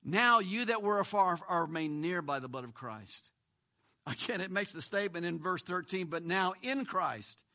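A man's voice: high-pitched, expressive, normal speed, pushed and bright. A male pastor preaching a sermon, emphatic and full of rhetorical questions, often repeating a word for stress.

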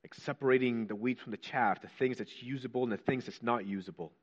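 Male preacher, mid-range voice, fervent questions, hushed quotes, slightly muffled recording. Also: medium pitch, quick pace. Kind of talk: sermon.

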